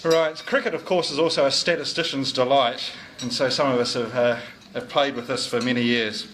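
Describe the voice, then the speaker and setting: Brisk and steady in tone, with a mid-range voice that's a bit bright, a middle-aged man from New Zealand speaks as club sergeant collecting fines. His jovial, teasing after-dinner speech takes place in a club lunch dining room, with slight background noise.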